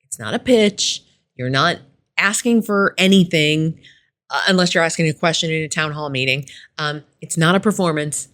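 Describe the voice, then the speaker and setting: A woman's voice: sits low, normal speed, a bit bright. A middle-aged woman hosting a workplace advice podcast, telling a story in a conversational coaching tone. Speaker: podcast host.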